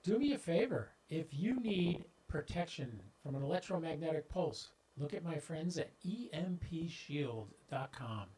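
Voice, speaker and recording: A man's voice: a little high, expressive, measured pace, hardly any pauses, dark tone, husky, rough recording. A man with a slightly raised voice hosts a ham radio livestream in a casual, folksy way. He speaks straight to his viewers and drops in little jokes. A clip-on mic on his shirt picks him up, with some popping. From southeastern US. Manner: folksy, talks directly to viewers, stumbles into jokes. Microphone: clip-on microphone on shirt.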